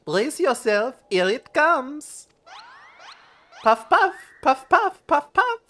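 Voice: medium pitch, big pitch swings, takes it slowly, fairly bright tone, voice pushed up. A streamer voicing a flirty French woman attendant from a game, with a put-on French accent and a teasing, sing-song manner. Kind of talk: reading game dialogue aloud.

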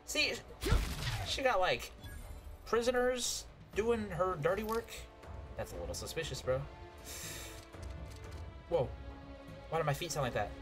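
Loud game music backs this high-voiced man as he does casual, joking let's play commentary. He's a little slow with long pauses, but excitable, exclaiming at the action and yelping at hits.

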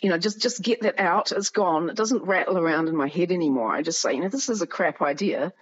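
A woman's voice: lowish voice, fast, highs cut off. A woman with a New Zealand accent, a musician and writer, chatting as a podcast guest. She tells stories with animation, laughs often and acts out the voices of the people she quotes. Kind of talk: casual conversation. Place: home in Germany near the Polish border.

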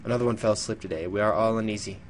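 A man's voice: on the low side, very fast, slight background noise. A young man casually commenting on a game he plays, joking and swearing, reading dialogue aloud now and then. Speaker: let's play gamer.

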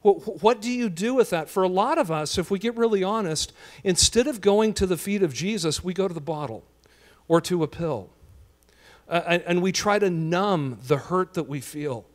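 High-voiced earnest male pastor preaching. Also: normal speed. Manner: earnest, repetitive preaching with stammered restarts. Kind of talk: sermon. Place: church sanctuary.

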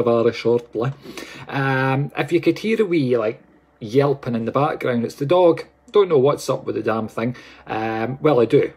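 A man's voice: medium pitch, husky. A Scottish man hosting a live stream as a psychic medium, chatting casually and playfully while greeting viewers by name.

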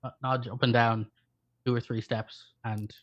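A man with an Irish accent, co-hosting a live stream in quick, rapid-fire casual chat. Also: mid-range voice, level tone. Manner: rapid-fire, self-described fast talker. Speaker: co-host. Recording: dull lo-fi stream audio.

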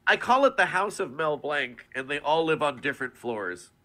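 A man's voice: a little high, expressive, moderate pace, sharp tone. A man, a voice actor, chatting in a casual interview; he talks animatedly and laughs often. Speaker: voice actor guest.

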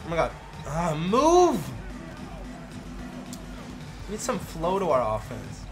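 Young man shouting, swearing at a game. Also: on the high side, very animated, fast talker. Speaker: streamer playing a basketball video game. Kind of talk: live gameplay commentary. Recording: game music behind the voice.

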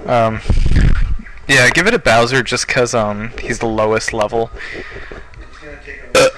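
A young man casually commenting on a game as he plays, joking and relaxed. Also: mid-range voice, measured pace, poor audio. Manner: relaxed, joking, self-deprecating. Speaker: let's play host.

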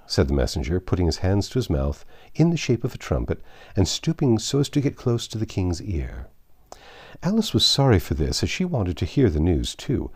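A man narrating an audiobook reading of a classic tale in a lively, expressive storytelling manner. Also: deep voice, brisk, slightly rough.

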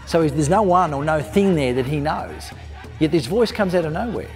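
A man's voice: fairly high pitch, lively intonation, normal speed, a little mellow. A man telling a parable in an educational talk, emphatic and conversational. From Australia. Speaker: storyteller, speaker. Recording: long hall reverb, faint music.

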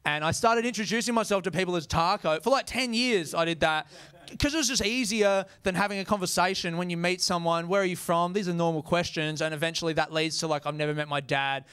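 A man's voice: high-pitched, fast, fairly bright tone, smooth, no room sound. A young Australian man performing stand-up, casual and self-mocking, swearing and laughing into his lines. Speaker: stand-up comedian. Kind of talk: stand-up comedy set. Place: comedy venue stage.

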